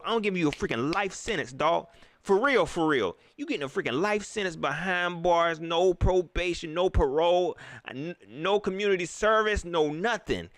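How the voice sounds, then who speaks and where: Animated ranting man. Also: high voice, normal speed, dry recording. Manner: animated, repetitive ranting in casual slang. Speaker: livestream host. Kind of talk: post-game sports reaction livestream.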